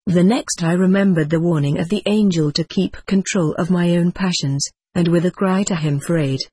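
Audiobook narrator, measured old-style storytelling, husky voice, dry close mic. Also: medium pitch, darkish tone, dry recording. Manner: measured, old-fashioned first-person narration. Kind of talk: audiobook reading.

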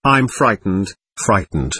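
A terrified young man haunted by delusions, as a narrator puts him on, pleading in panic. The voice is husky and dry, close to the mic. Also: lowish voice, big pitch swings, takes it slowly, bright, forceful tone, no echo, voice pushed down, exaggerated voice. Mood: panicked.

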